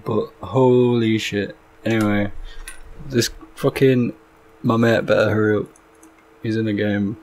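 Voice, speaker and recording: A man giving casual gameplay commentary as a gaming YouTuber, excitable and sweary, with sudden loud outbursts. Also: on the low side, measured pace, a little hiss or hum.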